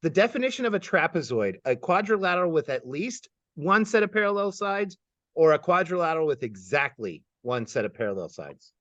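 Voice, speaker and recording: Brief: upbeat male host from Kansas City, animated higher voice, dull slightly muffled recording, stammers and laughs a lot. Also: fairly quick, dry recording. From Kansas City, United States. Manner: upbeat, laughs often, stammers and repeats words. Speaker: host and geometry teacher. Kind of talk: lightning-round interview questions.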